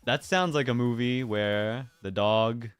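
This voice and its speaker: A man's voice: mid-range voice, unhurried, clear, resonant tone, no room sound, soft background music. A man chatting casually on a livestream, musing aloud in a playful way and drifting into silly voices. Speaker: streamer.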